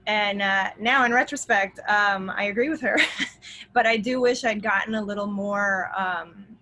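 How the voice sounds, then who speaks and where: A pregnant woman in her thirties on a video-call panel, speaking candidly in a bright, forward voice. Her sentences often trail off softly. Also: medium pitch, unhurried, rough recording. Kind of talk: casual panel talk.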